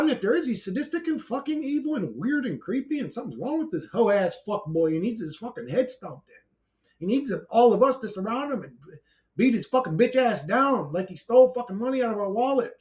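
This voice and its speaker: A man's voice: extremely high pitch, big pitch swings, a little fast. A man giving a brash, blunt, profane ranting monologue to his own channel, laughing between outbursts. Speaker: YouTuber.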